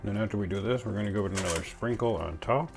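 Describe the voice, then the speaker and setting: Speaking quickly in a fairly low voice over music, a man runs a laid-back home cooking vlog. He bakes, eats and chews as he talks, playfully joking and muttering to himself.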